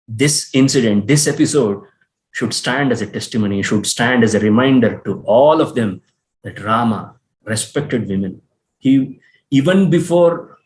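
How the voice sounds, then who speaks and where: A man's voice: mid-range voice, low-quality recording. A man telling an epic as a lecture, earnest and repeating points for emphasis. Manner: earnest, repetitive emphasis, occasional restarts. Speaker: storyteller and teacher. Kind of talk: explanatory storytelling lecture.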